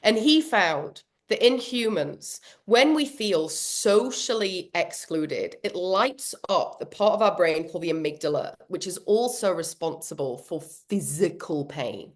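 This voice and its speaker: A woman leading an online workshop on a video call, animated and quick to laugh, often acting out what goes on in people's heads. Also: on the low side. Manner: animated, laughs often, acts out inner voices. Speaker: workshop trainer. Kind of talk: live online workshop talk.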